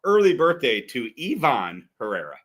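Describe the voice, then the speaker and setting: A man's voice: medium pitch, sing-song, normal speed, a bit bright. A man co-hosting a sports podcast, talking casually about betting picks and games with a laid-back, rambling manner. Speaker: podcast co-host.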